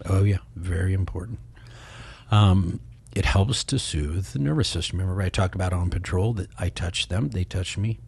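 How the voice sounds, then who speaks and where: Middle-aged male podcast guest, husky low voice, close dry mic, rambling storyteller. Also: normal speed, dry recording. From Kansas City, Missouri. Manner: rambling, animated, acts out quoted voices. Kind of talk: casual storytelling.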